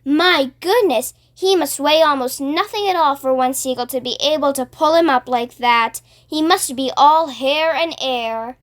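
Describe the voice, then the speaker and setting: A woman reading a storybook gives voice to a young boy who speaks slowly and carefully. The high, light voice stays close to the reader's own. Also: a bit bright. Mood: delighted. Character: gentle, wondering young boy.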